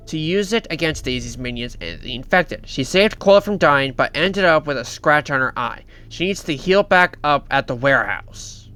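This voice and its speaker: A man hosts a reaction video, retelling a story and sharing his own theories. His voice is bright, smooth and somewhat high, and he talks haltingly, with frequent restarts and repeated words. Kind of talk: reaction vlog narration.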